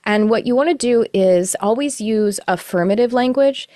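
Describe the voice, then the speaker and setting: A middle-aged woman teaching a live online class, explaining in a relaxed, rambling way with self-corrections. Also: on the high side, moderate pace, dry recording, studio quality. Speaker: course teacher. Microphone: video call.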